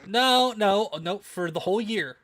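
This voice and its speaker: A man co-hosting a casual livestream podcast, animated and repeating phrases for emphasis. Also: high-pitched, measured pace, no room sound. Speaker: podcast co-host.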